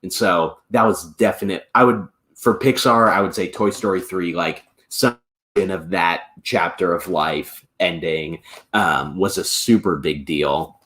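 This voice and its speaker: A young adult man, a podcast guest, chatting in a relaxed, laid-back way with lots of filler words. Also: deep voice, measured pace. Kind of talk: casual podcast chat.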